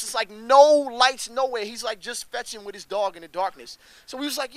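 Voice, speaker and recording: A young man, a rapper, telling stories in a casual interview with a slangy, animated manner that jumps up in pitch when he gets excited. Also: moderate pace, no echo. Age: young adult.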